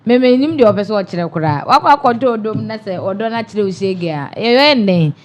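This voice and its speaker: A woman's voice: mid-range voice, lively intonation, fairly quick. Woman co-host, chatty banter. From Ghana. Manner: chatty, mixing Twi and English. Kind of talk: casual banter.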